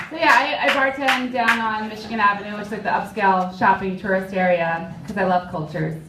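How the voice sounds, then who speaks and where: A woman's voice: mid-range voice, fairly even intonation, fairly quick, distant mic, very noisy. A young woman from Philadelphia performing a stand-up comedy set in a dry, self-deprecating manner. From Philadelphia, USA. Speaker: stand-up comic. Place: comedy club stage. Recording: echoey club, mic from afar.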